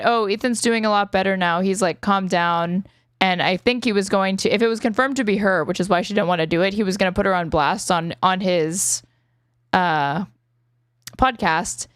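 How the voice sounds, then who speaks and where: A woman's voice: medium pitch, clear, resonant tone, no room sound, clean studio sound. A woman commentator casually retelling an online feud, rambling and filling her talk with lots of "like". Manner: rambling, filler-heavy retelling with many "like"s.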